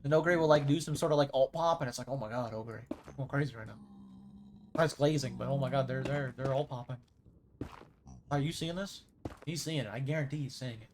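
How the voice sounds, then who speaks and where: A man chatting casually while streaming a game live, rambling excitably and tripping over repeated words as he gets going. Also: mid-range voice, fairly quick, background noise. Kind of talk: casual live gaming commentary.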